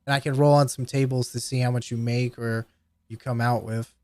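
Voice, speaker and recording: A man running a tabletop game as game master, relaxed and joking as he explains the rules. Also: medium pitch, fairly quick, dry recording, clean studio sound.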